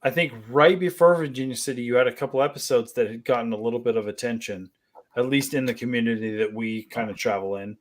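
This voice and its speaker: A man's voice: mid-range voice, quick pace. A man as a guest on a casual livestream, talking thoughtfully and hedging with "I think" and "like".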